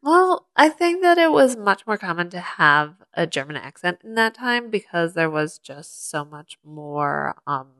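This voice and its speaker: A woman's voice: lowish voice, big pitch swings, measured pace, few pauses, a bit bright. A woman co-hosting a podcast, recapping a movie in casual chat and eagerly explaining facts. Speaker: podcast co-host.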